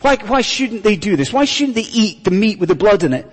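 Animated male preacher, husky, reverberant hall. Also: high voice, brisk. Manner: animated, asks the congregation many rhetorical questions; drops to a hushed whisper for emphasis. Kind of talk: sermon.

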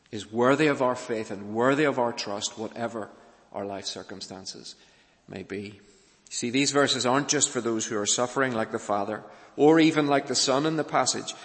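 A man preaching a sermon in a church, earnest, pressing hard on key points and then falling soft and low. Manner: earnest, rising to urgent emphasis then dropping soft. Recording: long reverb of a church hall.

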